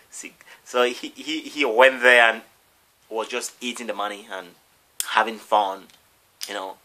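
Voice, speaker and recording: A man's voice: mid-range voice, pushed and bright. A man vlogger telling a long story casually, rambling with restarts and acting out the people in it. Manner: rambling, restarts and acts out all the voices.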